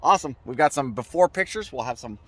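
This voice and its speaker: A man's voice: mid-range voice, lively intonation, quick pace. A man hosting a casual travel vlog, chatty and upbeat with plenty of fillers. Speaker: vlog host.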